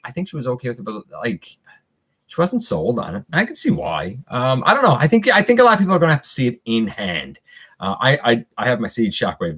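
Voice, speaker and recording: A man's voice: mid-range voice, fairly bright tone. A middle-aged man hosting a casual live stream, chatting loosely with viewers and reading their comments, with many fillers and restarts.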